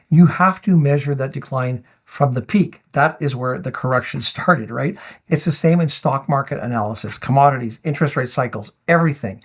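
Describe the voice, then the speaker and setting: A man's voice: on the high side, slightly rough. A man hosting a finance video, answering viewer comments in a firm, explanatory way. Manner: firm, rebuttal-style, reading out viewer comments.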